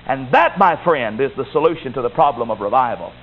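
A man's voice: mid-range voice, animated, fairly quick. A man preaching a sermon as a Baptist pastor, emphatic and repetitive, building to rising exhortations. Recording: tinny phone-like recording with faint hiss.

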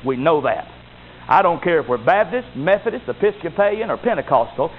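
A high-voiced man preaches with a very lively, swooping pitch, rising to loud exclamations and dropping to low asides. The sound is thin and phone-like, with a faint hiss behind it. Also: fairly quick. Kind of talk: sermon.

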